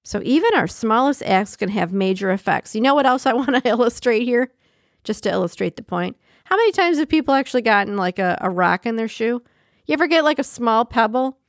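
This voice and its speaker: A woman hosting a podcast in a casual, chatty way, reading short passages and then riffing on them with animated asides and easy laughter. Her voice sits a little higher than average. The recording is close and dry, with no room sound. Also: fairly quick, no echo. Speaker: podcast host.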